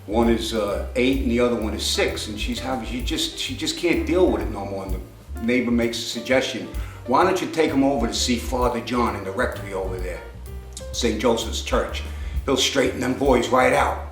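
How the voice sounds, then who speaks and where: Soft music plays behind a man with a mid-range voice who rambles conversationally through jokes at a moderate pace, raising his voice to portray the characters. The audio has a reverberant quality.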